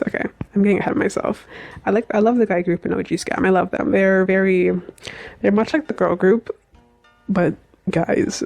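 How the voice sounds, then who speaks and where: A woman's voice: medium pitch, gravelly, a little mellow. A young woman vlogger giving a chatty, opinionated review of a TV episode, rambling with fillers. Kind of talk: casual reaction review.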